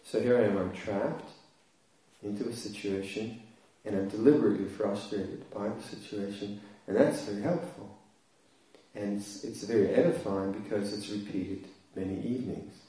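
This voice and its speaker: A man's voice: fairly low pitch, steady tone, moderate pace, warm tone. A man, a Buddhist monk, giving a dharma talk as a humorous, self-deprecating story with frequent laughter. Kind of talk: dharma talk with personal anecdote. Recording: echoey hall, voice from far off.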